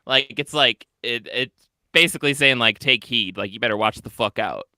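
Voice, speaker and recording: Bright-voiced jokey podcast co-host man. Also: medium pitch, normal speed, dry recording, studio quality. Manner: loose, jokey, swears casually. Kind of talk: casual podcast chat.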